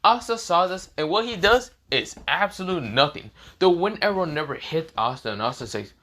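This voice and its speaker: A man's voice: fairly high pitch, expressive, moderate pace, hardly any pauses, pushed and bright. A man casually telling a fan story off the cuff, rambling and leaning on the same filler phrases. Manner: rambling, repeats fillers like "this is where, well, mostly".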